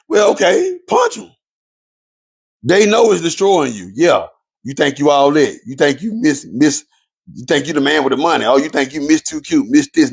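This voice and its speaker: A man delivers a preachy monologue straight to his viewers, hammering each point through repetition. His voice is gravelly and husky and sits a little high for a man. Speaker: relationship commentator.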